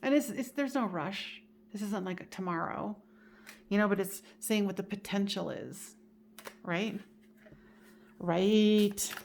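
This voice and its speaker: A woman reads tarot cards for her viewers in a relaxed, conversational way. Her voice sits at a middle pitch and she keeps reassuring the listener. A faint hiss runs under her voice. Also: slow pace, vocal fry, long pauses. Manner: chatty, reassuring, leans on "you know" and "like". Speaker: tarot reader. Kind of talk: casual tarot card reading to camera.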